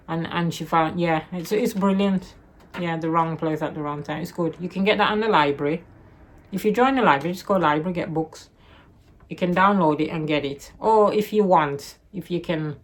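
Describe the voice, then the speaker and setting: A woman chatting casually through a book review, rambling and correcting herself as she loosely retells the plot. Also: low-pitched.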